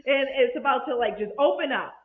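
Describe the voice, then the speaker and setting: A woman's voice: high voice, expressive, fairly quick. A woman co-hosting a casual chat, affirming her partner and teasing playfully. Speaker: co-host. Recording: dull, roomy sound.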